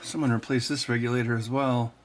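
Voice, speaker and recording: A man's voice: medium pitch, level tone, a little fast, noisy background. A man hosting, muttering to himself as he repairs old electronics and teasing his cat between tasks. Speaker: host.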